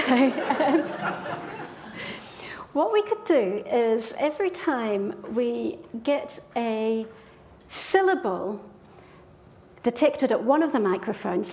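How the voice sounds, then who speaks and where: A woman's voice: high-pitched, darkish tone. A woman professor giving a public lecture in a hall with an audience, explaining ideas step by step in an enthusiastic way.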